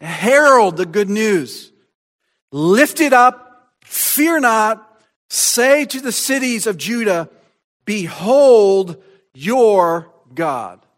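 Man, preacher, sermon, slow delivery, higher pitch, dramatic soft-to-loud swings. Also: expressive. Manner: reads scripture aloud with emphasis.

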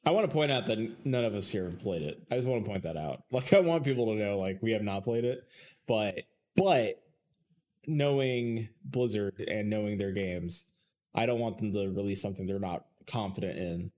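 A man's voice: on the low side, moderate pace, darkish tone. A man co-hosting a casual gaming podcast, ranting animatedly and laughing often. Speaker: podcast co-host. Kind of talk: casual chat.

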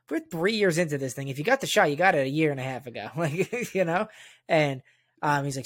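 A man with a slightly raised pitch tells a rambling anecdote in casual chat. He is wry and profane, with lots of fillers. The sound is dry and close. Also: fast talker, no room sound.

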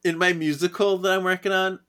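A man co-hosting a podcast, retelling a comic in casual chat, relaxed and hesitant with drawn-out fillers. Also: sits high, smooth. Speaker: podcast co-host.

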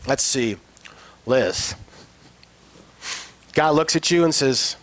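A man's voice: mid-range voice, animated, takes it slowly, long pauses, fairly bright tone. A male pastor preaching a sermon in an earnest, emphatic way, asking his listeners rhetorical questions.

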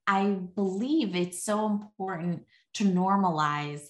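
A woman's voice: medium pitch, slow pace. A middle-aged woman, a podcast guest, talking casually and chattily with many filler words and light laughs. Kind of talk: casual conversation. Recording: echoey room.

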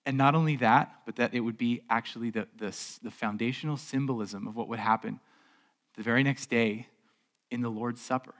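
This male pastor preaches on a church stage with a steady, fairly bright, medium-pitched voice, moving a little fast. His sermon feels conversational, marked by repeated words and rhetorical questions.

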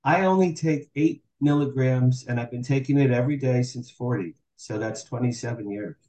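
Man, 60s, podcast guest. Animated storyteller, dark mellow tone, echoey room. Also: medium pitch, normal speed. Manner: animated, acts out quoted dialogue. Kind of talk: candid storytelling interview.

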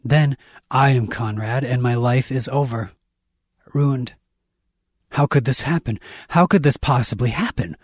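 A man reading a dark science fiction story aloud, intense and dramatic, raising his voice for the characters' shouts. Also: medium pitch, unhurried, slightly rough, dry recording, studio quality. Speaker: audiobook narrator.

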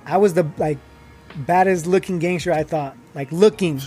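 A young man with a high voice tells his own story in loose, casual talk. He rambles, restarts often and leans on fillers, getting heated at times. Faint music plays behind him. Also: normal speed, mellow. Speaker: guest telling his life story.

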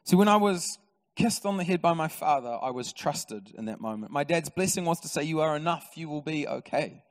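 A New man delivers a sermon from a church stage, telling stories with lively humour. His voice sits slightly high, and a long reverb trails behind it through the hall. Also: brisk. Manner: lively, storytelling preacher with humour. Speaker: pastor. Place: church auditorium.

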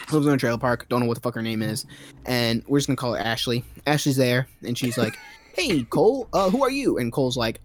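A man's voice: medium pitch, a little hiss or hum. A man giving a rambling, sarcastic recap of a movie's plot in a casual comedic style, full of fillers.

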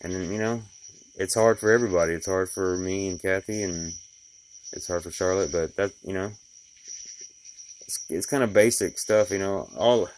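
A middle-aged man who installs glass tells stories about his day in a casual personal vlog, rambling folksily with plenty of fillers. His voice is low and moderately paced, with frequent pauses and a little hiss or hum in the background.

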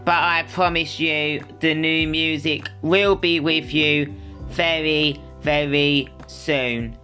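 A man's voice: fairly high pitch, steady tone, slow pace, sharp tone, soft background music. A man hosting a podcast, answering listener questions in casual solo chat, candid and chatty with frequent fillers. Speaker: podcast host.

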